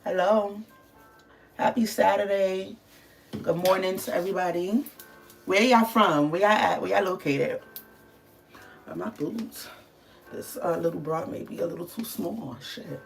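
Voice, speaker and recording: A woman's voice: on the low side, unhurried, vocal fry, long pauses, soft background music. A woman from the Bronx, chatting casually on a livestream and answering viewers' comments, loose with fillers. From the Bronx, New York. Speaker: livestream host.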